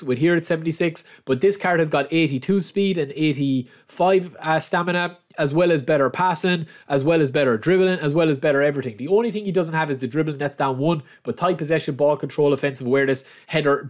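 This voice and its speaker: A young man giving casual, chatty commentary on a football video game, often calling his viewers lads. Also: a little high. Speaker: gaming channel host.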